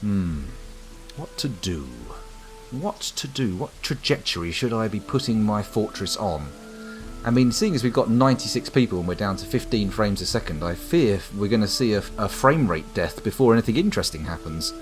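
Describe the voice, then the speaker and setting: A man's voice: lowish voice, expressive, moderate pace. A man from the UK giving wry, rambling live commentary on a game while chatting to viewers. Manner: wry, rambling, talks to chat. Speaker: streamer. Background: faint background music.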